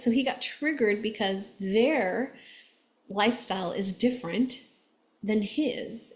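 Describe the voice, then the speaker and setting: A woman of middle pitch talks her viewers through a monthly astrology forecast in a loose, chatty way. She keeps asking "right?" and acts out little quoted voices as she explains. The tone is relaxed and conversational.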